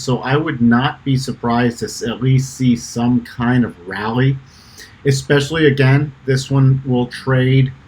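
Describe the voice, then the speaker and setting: A man's voice: medium pitch, low-quality recording. A middle-aged man hosting his trading channel, talking through chart analysis in a rambling, self-correcting way with fillers. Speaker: trading channel co-founder and host. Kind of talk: casual chart analysis walkthrough.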